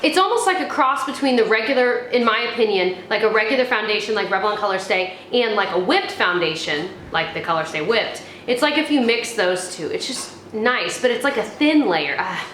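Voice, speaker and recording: Talking a little fast with few pauses, a young American woman reviews beauty products in a fairly high, slightly bright voice with lively intonation. This beauty vlogger is chatty and rambling, using many fillers and restarts, in an echoey room with faint background noise.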